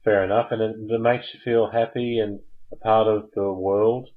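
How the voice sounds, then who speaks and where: A man's voice: lowish voice, flat delivery, moderate pace, narrow, tinny audio. An Australian man hosting a live call-in show, joking and rambling and laughing at his own jokes. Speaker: host.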